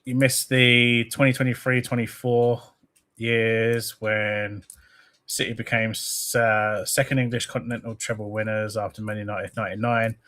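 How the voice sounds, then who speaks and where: A man's voice: on the low side, little pitch movement, normal speed, a bit bright. Man hosting a casual football live stream; rambling, chatty, reads viewers' comments aloud. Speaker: host of a football fan channel.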